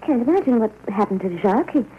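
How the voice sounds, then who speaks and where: A woman's voice: a little high, expressive, quick pace, a little hiss or hum, close to an everyday voice. A woman playing a frightened, devoted mother in a 1940s radio drama, talking in an anxious and imploring way. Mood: uneasy. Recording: muffled old radio broadcast.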